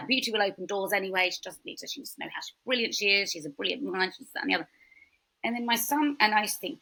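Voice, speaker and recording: A woman in her forties, a podcast guest, talks in a low, husky voice with a gravelly edge. She chats casually and tells animated stories. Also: quick pace, poor audio. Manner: chatty, animated storytelling with quoted voices. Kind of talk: casual chat.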